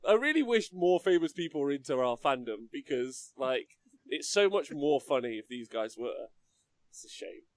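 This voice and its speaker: Laughing man in animated chat. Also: mid-range voice, normal speed, dry recording. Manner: laughs a lot, animated, jokey. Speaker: podcast co-host. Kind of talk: casual chat.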